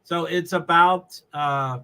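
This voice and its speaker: Bright, chatty New man. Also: fairly high pitch, fairly even intonation, slow pace, clear, resonant tone. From New England. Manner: rambling, self-interrupting, chuckling often. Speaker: live streamer. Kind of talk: casual live-stream chatter while watching a race.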